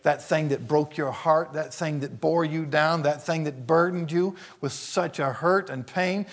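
An older man from Arkansas preaching a sermon, telling folksy stories and acting out the scenes with animated delivery. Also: fairly high pitch, unhurried. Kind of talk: sermon storytelling.

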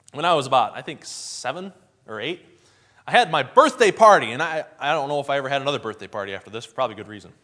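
A man's voice: mid-range voice, expressive, fast talker, bright, forceful tone. A man preaching a sermon in a folksy storytelling way, acting out the scenes he describes.

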